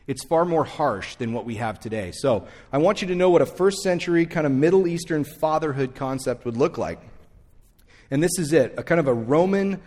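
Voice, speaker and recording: A man's voice: on the high side, a little mellow. A male pastor preaching a sermon, talking straight to the congregation and repeating key phrases for emphasis. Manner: conversational, speaks straight to the congregation. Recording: long church reverb.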